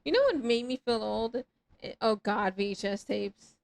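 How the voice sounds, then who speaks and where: A woman's voice: a little high, lively intonation, normal speed, gravelly, poor audio. A woman in her thirties chatting casually with her live chat while playing a game, rambling and swearing freely in self-mocking banter. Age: 30s. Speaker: streamer.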